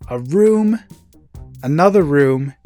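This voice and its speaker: A man's voice: fairly high pitch, expressive, takes it slowly, warm tone, soft background music. Blunt man critiquing a film. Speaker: movie reviewer. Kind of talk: casual review chat.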